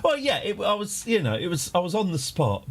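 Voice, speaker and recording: A man's voice: sits high, huge pitch swings, a little fast. A man chatting casually as a game streamer, rambling through tangents with dry jokes. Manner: rambling, tangent-prone, dryly joking. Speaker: livestream gamer host.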